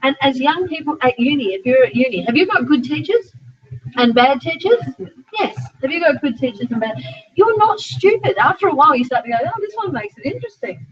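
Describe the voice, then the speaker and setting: Middle-aged Australian woman, very high voice, lively chatty talk to students, dull lo-fi recording. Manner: animated, chatty, frequent asides and quick restarts. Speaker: sport psychologist. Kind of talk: informal talk to a small student group.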